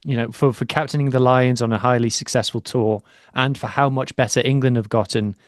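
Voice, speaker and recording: A man's voice: medium pitch, fairly even intonation, fairly quick, dry recording, studio quality. A man co-hosting a rugby podcast, chatting casually in a chatty, self-deprecating manner. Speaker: podcast co-host. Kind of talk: casual chat.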